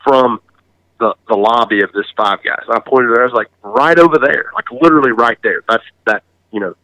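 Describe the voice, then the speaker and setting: A man's voice: medium pitch, a little fast, pushed and bright, no room sound, low-quality recording. A man hosting a hunting podcast, chatting casually and telling stories with frequent laughs and restarts. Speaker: podcast host. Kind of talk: casual chat.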